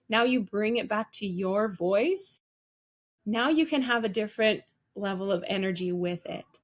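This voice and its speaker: A woman who trains customer service staff, answering interview questions in an energetic, emphatic coaching tone. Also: mid-range voice, normal speed.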